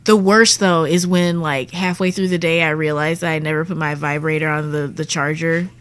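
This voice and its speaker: A woman's voice: low-pitched, fairly even intonation, moderate pace, noisy background. A woman comedian, a podcast guest, talking in blunt, crude, teasing casual chat.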